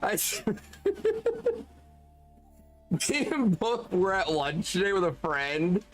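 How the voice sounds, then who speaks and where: A man's voice: sits high, big pitch swings, moderate pace, a bit bright, soft background music. A man streaming and chatting casually with his chat, swearing freely and often laughing.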